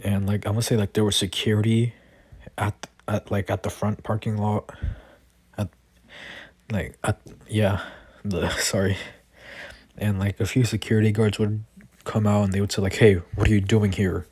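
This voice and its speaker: A man's voice: lowish voice, little pitch movement, moderate pace, pauses often, darkish tone, slightly rough, no room sound. A man improvising a fan-fiction story, rambling and hesitant, full of fillers and restarts.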